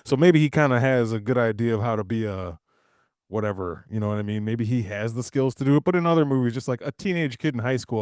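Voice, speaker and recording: A man's voice: mid-range voice, lively intonation, fairly quick, darkish tone, smooth, no echo, clean studio sound. A man co-hosting a casual film review podcast, rambling loosely with many fillers and restarts. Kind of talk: casual chat.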